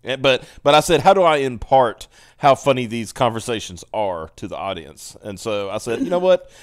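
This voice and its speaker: A man's voice: medium pitch, very animated, normal speed. Laughing male stream host with a swooping voice. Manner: laughs often, reads chat aloud. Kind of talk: casual live-stream chat.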